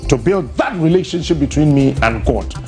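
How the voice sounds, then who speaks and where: A man's voice: a little high, animated, normal speed, a little mellow, faint music behind. A Ghanaian man hosting a morning show, delivering impassioned commentary with emphatic, preacher-like repetition.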